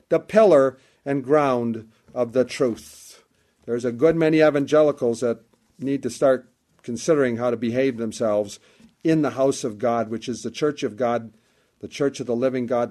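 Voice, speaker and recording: A male pastor preaching a sermon with passion, repeating phrases for emphasis, rising loud and falling to a hush. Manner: impassioned preaching, swells high and loud then drops low and soft.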